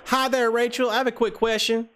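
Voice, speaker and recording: A man's voice: extremely high pitch, little pitch movement, a little fast, fairly bright tone, a little hiss or hum, voice pushed up. A man voicing a lonely Southern country guy who stammers and rambles on a prank phone call. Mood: friendly. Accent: American Southern (put on). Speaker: prank caller.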